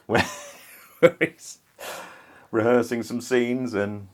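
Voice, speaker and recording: A man's voice: medium pitch, slow. A man co-hosting a casual film review chat, making easygoing, dry remarks. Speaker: film podcast co-host.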